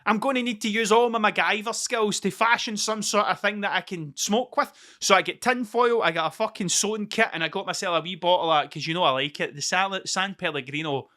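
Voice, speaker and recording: A Scottish man in his thirties talks alone into his podcast mic. His voice sits high and rings with a bright, forceful edge. He rambles through a story, swearing constantly and circling back over his own phrases. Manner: rambling, heavy swearing, repeats himself. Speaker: podcast host. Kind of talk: casual solo storytelling monologue.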